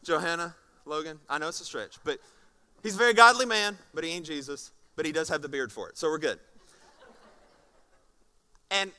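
A man preaches from the stage of a church in a high, ringing voice. He is animated and acts scenes out for the congregation, moving from quiet, soft lines to loud ones. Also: normal speed, long pauses, clean tone. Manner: animated, swings from soft to shouting. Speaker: pastor. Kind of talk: sermon.

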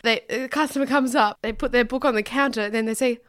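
A woman's voice: fairly high pitch, a little fast. A young woman, chatting casually and telling funny stories with lots of laughter. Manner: animated storyteller, laughs often. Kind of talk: casual chat.

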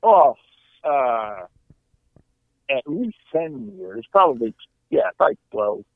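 A middle-aged man, a comedian, tells a story in a casual chat, his fairly high voice swinging widely as he acts out each person in it. The sound is thin and phone-like, with a dry, close feel. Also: takes it slowly, gravelly, no room sound. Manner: animated, acts out quotes in character voices. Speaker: comedian guest. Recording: tinny phone-like line, dry.

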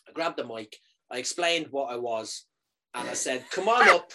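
A man casually telling a comic anecdote, animated, swearing freely and often checking in with "right?". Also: mid-range voice, moderate pace, heavy background noise.

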